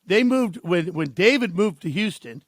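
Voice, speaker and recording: Guy hosting sports radio, high voice, jokey and loose, dry studio sound. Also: lively intonation, normal speed, dry recording. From California. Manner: joking, loose, laughs often. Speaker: sports radio show host. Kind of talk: casual sports talk show chat.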